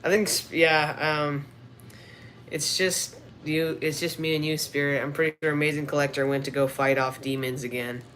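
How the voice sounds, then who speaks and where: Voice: medium pitch, steady tone, normal speed, fairly bright tone. A streamer chatting casually on a livestream while playing with action figures, rambling and trailing off. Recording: noisy background.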